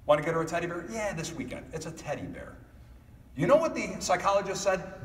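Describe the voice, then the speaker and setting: A middle-aged man giving a motivational keynote speech, animated, acting out family members in quick voices. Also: sits high, a little hiss or hum. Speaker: keynote speaker. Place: large hall. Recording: echoey hall from far off.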